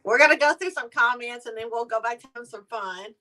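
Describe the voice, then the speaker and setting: A woman hosting a relaxed chat, her voice bright and a touch high. She reacts quickly and friendly to her guest and moves on to read viewer comments. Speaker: host.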